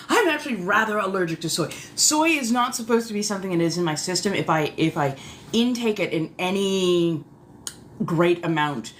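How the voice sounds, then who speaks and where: A woman streamer chatting live in a put-on old colonial accent that mixes English, Scottish and Irish tones. She speaks in a genteel, theatrical way and answers her chat with drawn-out exclamations. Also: mid-range voice, a bit bright, slight background noise. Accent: put-on old colonial mix of English, Scottish and Irish. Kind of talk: casual live chat in a vampire persona.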